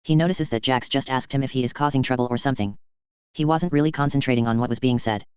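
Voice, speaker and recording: Clear-voiced man reading fan fiction. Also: medium pitch, fast talker, dry recording. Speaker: audiobook narrator. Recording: dull, dry lo-fi sound.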